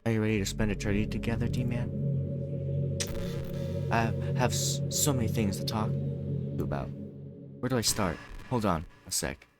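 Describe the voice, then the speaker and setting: A man's voice: fairly low pitch, normal speed, long pauses, natural voice. A man reading aloud the lines of a lovestruck, possessive teenage girl from a visual novel, moving between teasing and anguish. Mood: playful. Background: loud game music.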